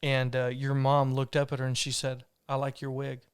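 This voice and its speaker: A man hosts a podcast, telling a story in an earnest, rambling way. His voice is smooth and clear, with an even, steady pitch. The sound is close and dry. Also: moderate pace, no room sound. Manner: earnest, rambling with restarts and fillers. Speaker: podcast host. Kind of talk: casual conversational storytelling.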